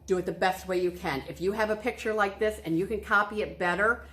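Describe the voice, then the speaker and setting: A woman's voice: medium pitch, steady tone, fairly quick, a bit bright. A woman art teacher leading a cheerful, step-by-step drawing lesson for children, encouraging them as she goes. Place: art studio. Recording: echoey room.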